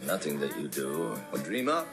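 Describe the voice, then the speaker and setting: A man's voice: extremely low pitch, very animated, moderate pace, exaggerated voice. An actor playing an arrogant wealthy man who talks down to an upstart with cold contempt, in a film clip. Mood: contemptuous. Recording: film clip with loud music. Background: loud film score.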